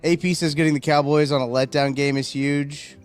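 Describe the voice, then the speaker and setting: A man's voice: a little high, steady tone, moderate pace, faint music behind. A man hosting a live stream, chatting casually and rambling through viewer comments. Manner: rambling, chatty, reacts to chat, yawning. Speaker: livestream host.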